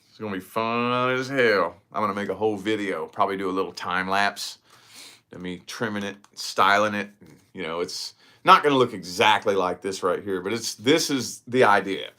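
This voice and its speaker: A man chatting casually to camera in his vlog, rambling and profane as he tells stories. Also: on the low side. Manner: rambling, profane, animated storytelling. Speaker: vlogger.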